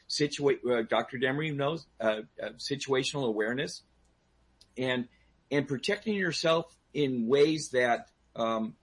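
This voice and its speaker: A man's voice: medium pitch, breathy edge. A man speaking as a guest on a talk show, giving personal safety advice with emphatic restarts and questions aimed at the audience.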